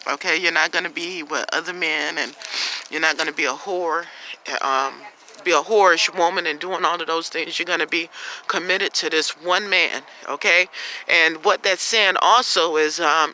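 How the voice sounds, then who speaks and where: Blunt scolding woman preaching, bright voice. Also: lowish voice, low-quality recording. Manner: blunt, scolding, repeats herself, many "um"s. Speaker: religious teacher. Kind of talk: preaching to camera.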